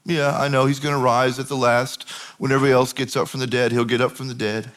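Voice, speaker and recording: A man's voice: mid-range voice, little pitch movement, fast talker, fairly bright tone, voice pushed down, lightly acted. A man voicing Martha, a grieving woman who states her belief in a plain, earnest way.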